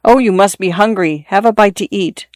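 A woman's voice: mid-range voice, normal speed, darkish tone, no echo, lightly acted. A reader voicing a grieving young mother, pleading and tearful. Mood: gentle, coaxing. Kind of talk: audiobook character reading.

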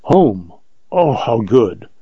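A man's voice: mid-range voice, very animated, drawn-out words, husky, no room sound, muffled recording, full character voice. A man reading aloud, voicing a spirited, proud young woman who is impulsive and teasing. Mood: lively.

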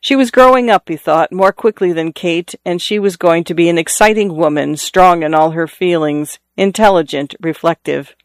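Smooth-voiced male audiobook narrator. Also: a little high, normal speed, hardly any pauses, no echo.

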